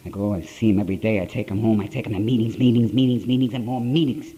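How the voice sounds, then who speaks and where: A man's voice: lowish voice, fairly even intonation, quick pace, dark tone, highs cut off. An older man with an Ohio accent telling a blunt, repetitive story to a conference audience. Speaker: speaker at a recovery conference. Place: conference hall, live talk to an audience.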